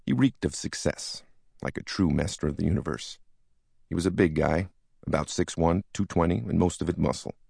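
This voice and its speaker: A man reads a first-person memoir audiobook with a wry, sardonic edge. His voice is extremely deep with a gravelly rasp. The sound is dry and close. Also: moderate pace, a little mellow, no room sound. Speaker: audiobook narrator.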